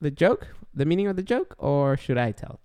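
A man's voice: on the high side, big pitch swings, moderate pace, dark tone, clean tone, no room sound, clean studio sound. A man hosting a casual podcast, playful and jokey, slipping into announcer-style introductions. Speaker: podcast host.

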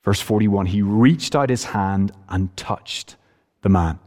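A man preaching a sermon in an earnest, emphatic way, speeding up and slowing down to stress his points. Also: lowish voice, a little mellow. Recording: preached in a reverberant hall.

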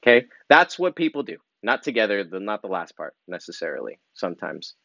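A male comedian rambles through a monologue, full of fillers and sudden animated asides. His voice sits on the low side. The sound is dry and slightly dull, like a lo-fi recording. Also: fairly quick, gravelly, dry recording.

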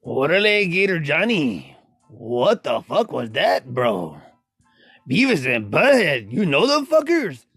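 A man voicing a brash, loud Mexican-American radio-jock character who talks in profane, hyped-up slang. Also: a little high, very animated, unhurried, breathy edge, no room sound, soft background music, pitched above the performer's own voice, exaggerated voice. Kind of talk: voice-message banter.

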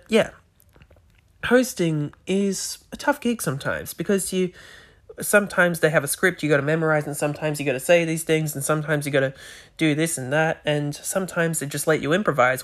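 A podcast host delivers a solo monologue into a microphone, rambling with many restarts and words that sometimes come out slightly slurred. The voice is medium-pitched and a bit bright, at a normal speed.

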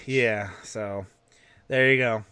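A man's voice: lowish voice, steady tone, slow, sharp tone, clean tone, dry recording, clean studio sound. A man co-hosting a podcast, ranting casually and swearing freely. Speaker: podcast co-host. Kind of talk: casual rant.

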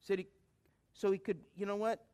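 High-voiced preacher man. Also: flat delivery, moderate pace, clear, resonant tone. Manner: preachy call-and-response, swings from loud to hushed. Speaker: pastor. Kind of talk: sermon.

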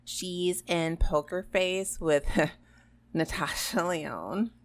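A woman's voice: on the low side, fairly even intonation, very slow. A woman in her forties co-hosting a movie podcast, chatting casually, joking and swearing freely. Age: 40s. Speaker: podcast co-host. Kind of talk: casual chat.

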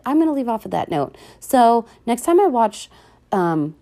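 A woman hosting a podcast, chatting casually and rambling about a film, swearing often and jumping between excited squeals and hushed whispers. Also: a little high, moderate pace. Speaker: podcast host. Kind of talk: casual movie review chat.

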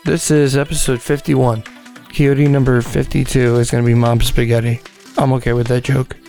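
A man's voice: mid-range voice, little pitch movement, normal speed, dark tone, soft background music. A man hosting a podcast in casual joking chat, goofy, bossy and mock-grandiose. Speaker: podcast host. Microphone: dynamic mic.

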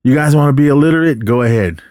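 A man voicing a fed-up adult male teacher who yells at his students in exasperation. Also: mid-range voice, quick pace, no echo, studio quality, pitched above the performer's own voice, lightly acted. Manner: yelling, exasperated.

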